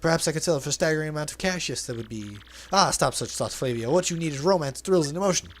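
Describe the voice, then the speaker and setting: A pompous, flamboyant trader-sailor boasts in grand, overly formal phrases, as a man dubs him over a video game. The voice sits a little high and is carried on faint background music. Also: expressive, quick pace, lightly acted. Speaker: let's play dubber.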